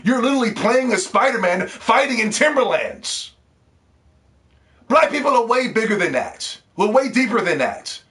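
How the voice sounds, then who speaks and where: A man's voice: very high-pitched, sing-song, moderate pace, fairly bright tone. A man ranting to the camera about games, heated and profane, repeating words when worked up. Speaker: gaming video host. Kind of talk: ranting video commentary.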